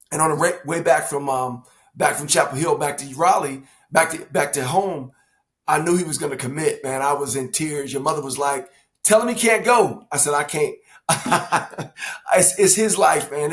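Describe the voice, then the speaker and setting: A man, telling family stories on a podcast and acting out quotes. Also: on the high side. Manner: animated storyteller, acts out quotes. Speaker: father of the hosts, former coach. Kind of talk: casual family podcast storytelling.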